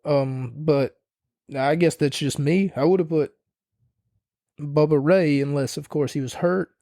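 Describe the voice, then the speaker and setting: Opinionated man rambling with mellow tone. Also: a little high, measured pace, no echo, clean studio sound. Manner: rambling, opinionated, swears casually. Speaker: podcast host. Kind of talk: casual wrestling review monologue.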